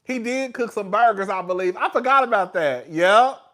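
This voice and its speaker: A young man with a high voice dishes on reality TV in a loose, gossipy monologue. He laughs often, leans hard on fillers, and jumps louder and higher when he gets excited. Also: normal speed. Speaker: reality TV commentator. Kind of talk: casual reality TV recap.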